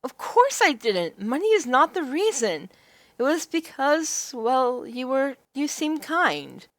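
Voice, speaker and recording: A woman's voice: high-pitched, sing-song, slow pace, no echo, pitched above the performer's own voice, full character voice. A woman voicing a nervous, earnest young heroine who stammers and pleads, reading a visual novel aloud. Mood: flustered.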